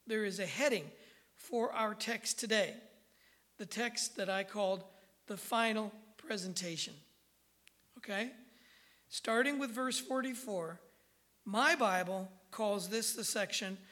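A woman's voice: on the high side, fairly bright tone. A woman pastor preaching a sermon, emphatic and checking in with the congregation with frequent "okay" and "amen".

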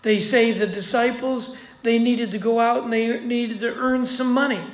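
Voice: mid-range voice, fairly even intonation, moderate pace. A preacher giving a sermon in a conversational way, repeating points for emphasis. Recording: roomy echo.

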